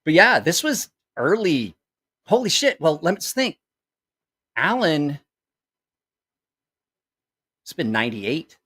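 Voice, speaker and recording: A man's voice: on the high side, slow pace, long pauses, slightly rough. A middle-aged man hosting his channel, telling a rambling story in a casual way, swearing a lot and acting out the voices of the people in it. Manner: profane, animated, acts out quoted voices; rambling with self-corrections. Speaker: channel host.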